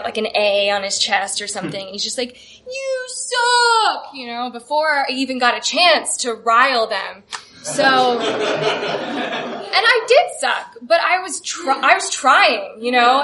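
A young woman telling a funny personal story to a live audience, chatty and self-deprecating, her talk peppered with "like". Her voice sits a little high and sounds bright and crisp.

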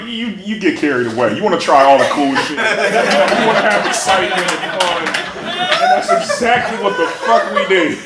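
A young man telling a profane, self-mocking comic story to a live audience. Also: high-pitched. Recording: echoey room with clear noise.

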